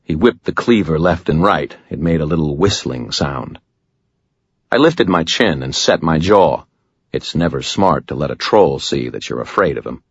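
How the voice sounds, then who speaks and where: A man's voice: rumbling low, lively intonation, moderate pace, husky, dry recording, lo-fi sound. A man narrating an audiobook in the first person, with dry, wry storytelling.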